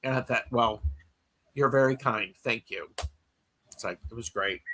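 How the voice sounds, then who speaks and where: A man's voice: mid-range voice, moderate pace, sharp tone, a little hiss or hum. A man hosting a podcast in casual chat, telling stories in a rambling way with many fillers and restarts. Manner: reads listener comments aloud. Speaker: podcast host.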